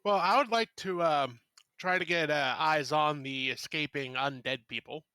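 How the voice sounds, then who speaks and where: Male tabletop player, slightly high and bright, halting and joking. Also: smooth, dry recording, clean studio sound. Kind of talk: playing a tabletop game.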